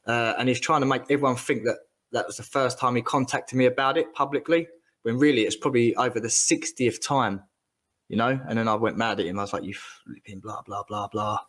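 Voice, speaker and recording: Guy ranting about someone, slangy and animated, keeps repeating himself. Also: mid-range voice, brisk. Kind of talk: ranting casual chat.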